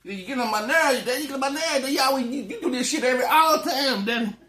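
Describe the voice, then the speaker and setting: A man's voice: very high voice, racing, sharp tone, echoey room, pitched above the performer's own voice. A man voicing his young son, a whiny, annoyed boy who complains over and over. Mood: annoyed whining. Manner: complaining, repetitive.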